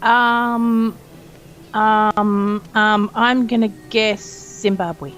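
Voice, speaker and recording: Slow-talking woman co-hosting a game. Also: mid-range voice, steady tone, a bit bright, soft background music. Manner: dry, laughing quips. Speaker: co-host. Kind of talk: casual game commentary.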